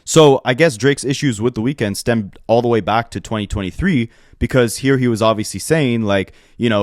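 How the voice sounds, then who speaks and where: A man's voice: mid-range voice, darkish tone, no echo. Sarcastic man in dry close commentary. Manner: sarcastic, opinionated, brisk. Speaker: rap commentary YouTuber. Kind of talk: scripted commentary.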